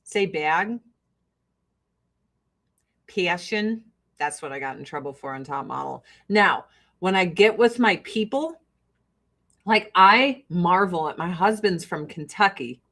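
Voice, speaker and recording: A woman's voice: fairly low pitch, fairly bright tone. A woman from Joliet, Illinois with a Chicago-area Midwestern accent, chatting casually as she answers viewer questions, blunt and profane and laughing often. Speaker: streamer answering viewer chat. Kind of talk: casual chat.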